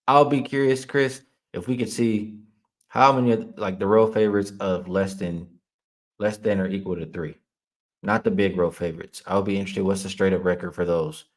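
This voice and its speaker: A man hosting a sports betting livestream, casually reading viewer chat aloud and answering it. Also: deep voice. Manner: casual, heated when ranting at a chat troll; laughs often while reading comments. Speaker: sports betting show host.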